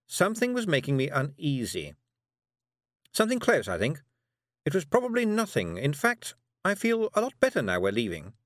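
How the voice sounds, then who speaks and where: A man voicing a brisk, nervous adult female witch with a prim, clipped manner in an audiobook. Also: on the high side, huge pitch swings, fairly bright tone, no echo, studio quality, pitched above the performer's own voice. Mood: fretful explaining. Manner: prim, clipped, insisting she is never worried. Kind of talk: audiobook character voice.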